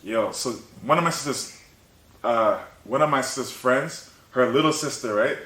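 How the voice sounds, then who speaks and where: A young man hosting a podcast, telling a story in casual chat, animated and laughing, with "bro" in nearly every line. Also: medium pitch, normal speed. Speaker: podcast host. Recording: roomy echo, faint noise.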